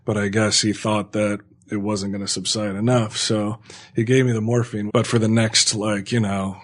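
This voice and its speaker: Podcast host, male, low-ish voice, loose rambling storyteller with plenty of cursing. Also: flat delivery, moderate pace. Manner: rambling storytelling, many filler likes, swears freely. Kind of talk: casual chat.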